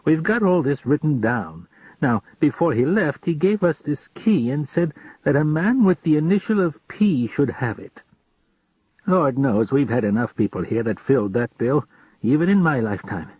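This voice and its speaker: Casting: man playing friendly rambling farmer, husky, dull lo-fi sound. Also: fairly high pitch, expressive, normal speed, darkish tone, no echo. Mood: earnest. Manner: chatty, earnest, rambling. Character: friendly old farmer, talkative. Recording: dull lo-fi recording.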